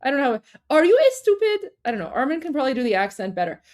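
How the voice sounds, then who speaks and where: A woman's voice: on the high side, expressive, rapid-fire. A woman co-hosting a livestream, chatting casually with lots of fillers and restarts and frequent laughter. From Iran. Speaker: livestream co-host.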